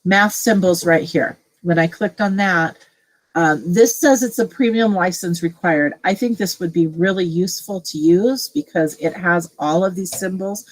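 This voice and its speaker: Middle-aged woman trainer, low-pitched, casual and chatty, screen-share tutorial. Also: normal speed, poor audio. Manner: casual, chatty, thinking aloud with fillers. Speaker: teacher leading a tech training session.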